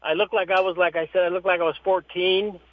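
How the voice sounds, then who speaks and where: A man, a horse trainer, telling stories as an interview guest in a lively way, acting out the people he quotes. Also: high-pitched, fast, dry recording. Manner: lively storyteller who acts out the people he quotes. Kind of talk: storytelling interview. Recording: tinny phone line.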